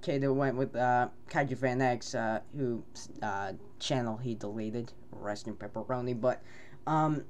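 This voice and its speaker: A man co-hosting a casual podcast, telling a rambling, animated story and laughing often. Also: medium pitch, measured pace, a little hiss or hum. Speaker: podcast co-host.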